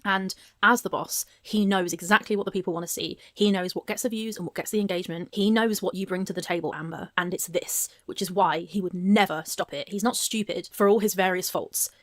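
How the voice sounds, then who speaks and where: A woman's voice: on the low side, fairly even intonation, fairly quick, few pauses, dry recording, studio quality. A woman giving blunt, sarcastic commentary on a clip, swearing freely. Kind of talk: casual commentary.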